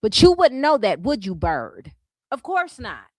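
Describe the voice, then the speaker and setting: Sassy, blunt woman streamer, higher-pitched. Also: huge pitch swings, a little slow, dry recording. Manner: sassy, blunt, frequently profane; mocking asides. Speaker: commentary stream host. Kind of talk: casual reaction commentary.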